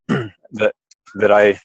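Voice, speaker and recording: A man speaks on a group call in a very low voice. The sound is dry and close. He talks hesitantly and halts often, full of fillers. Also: little pitch movement, dry recording, highs cut off. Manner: hesitant, halting, many fillers. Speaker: call participant.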